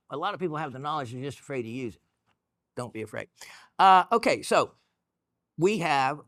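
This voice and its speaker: Man, gemstone show host, casual explaining, rambling with ums and restarts, mid-pitched voice, dry close sound. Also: fairly bright tone, no echo. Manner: rambling, full of fillers and restarts; chatty and encouraging. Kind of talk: casual educational talk.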